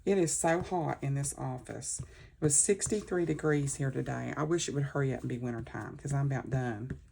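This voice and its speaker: A woman's voice: very deep voice, fairly quick, gravelly, darkish tone, a little hiss or hum. A woman vlogger chatting casually in her home office, rambling and talking through each step as she crafts. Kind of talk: casual chat while crafting.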